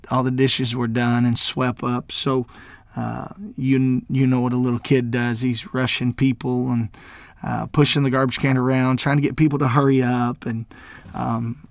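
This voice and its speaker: A man from Mississippi who serves as a minister, sharing a personal testimony in a halting way, with many fillers and restarts, and growing emotional and tearful at times. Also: medium pitch, gravelly, no echo, clean studio sound.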